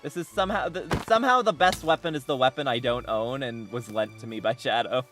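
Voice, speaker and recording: A man's voice: medium pitch, brisk, over music. A man chatting casually while streaming a game, rambling with many restarts and bursts of laughter. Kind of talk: casual game livestream chat.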